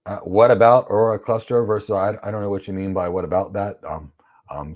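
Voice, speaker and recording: A man's voice: on the low side, fairly even intonation, a little fast, darkish tone. A man teaching a cloud certification course on a livestream. He reads viewer questions aloud and answers them bluntly, with strong opinions and playful acted-out examples. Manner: acts out examples in playful voices.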